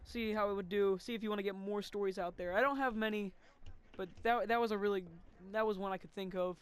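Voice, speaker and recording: High-voiced young man telling a story. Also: steady tone, quick pace, clear, resonant tone. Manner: rambling, swears a lot, many "like" fillers. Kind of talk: casual storytelling.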